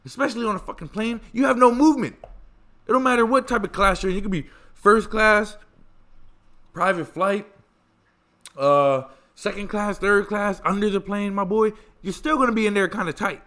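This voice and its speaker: A man hosting a podcast, telling stories in a casual, animated way, swearing freely and stressing points through repetition. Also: sits high, normal speed. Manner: animated, profane, emphatic repetition. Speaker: podcast host. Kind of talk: casual storytelling chat.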